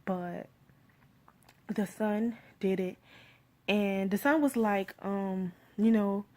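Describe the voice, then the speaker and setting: A woman's voice: mid-range voice, takes it slowly. Chatty Miami woman rambling about a film. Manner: rambling, heavy use of "like" and "you feel me"; animated when retelling scenes. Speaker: movie reviewer. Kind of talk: casual spoken film review.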